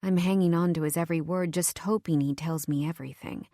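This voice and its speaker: A woman narrating a first-person romance audiobook in a soft, intimate, measured voice on a close mic. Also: sits low, steady tone, no echo.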